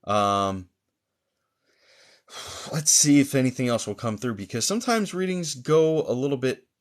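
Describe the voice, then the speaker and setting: A man working as a psychic medium, doing a live-streamed reading for viewers in a halting, searching way, with many pauses and fillers, and gently reassuring them. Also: mid-range voice, animated.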